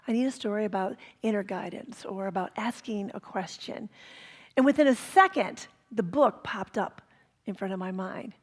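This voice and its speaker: Woman minister, fairly high voice, lively storytelling sermon at a spiritual center. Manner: animated, warm storytelling with laughter. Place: church center.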